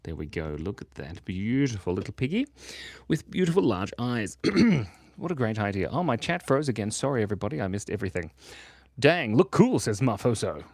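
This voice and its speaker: A man's voice: lowish voice, big pitch swings, fairly quick, a little mellow, no echo. Playful, chatty man streaming his drawing. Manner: playful, rambling, chatty with viewers. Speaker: live-streaming artist. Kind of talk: casual livestream chat while drawing. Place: home studio in Australia.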